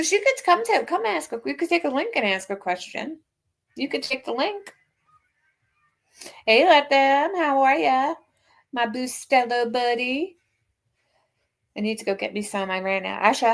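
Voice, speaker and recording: A woman's voice: a little high, gravelly. A woman hosting a casual livestream, chatting and teasing with frequent laughs while greeting viewers. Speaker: livestream host.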